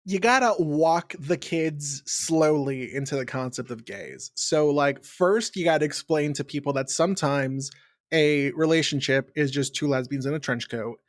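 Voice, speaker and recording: Podcast co-host, mid-pitched voice, brash and joking, swears a lot, dry sound. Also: moderate pace, dry recording. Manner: joking, brash, swears freely, sudden loud outbursts. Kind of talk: casual podcast chat.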